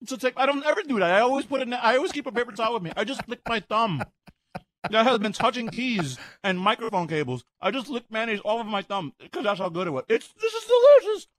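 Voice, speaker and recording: Excitable man reviewing food live on radio. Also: high-pitched, fast, no echo. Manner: excited, loud outbursts while eating. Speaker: radio co-host.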